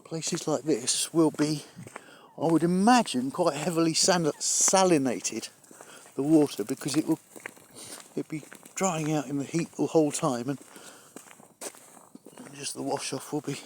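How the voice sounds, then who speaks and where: Climbing a hill beside water, a middle-aged man records a casual walking vlog, puffing a little as he rambles with dry humour and mild curses. He speaks unhurriedly in a higher-leaning, darkish voice, with slight background noise.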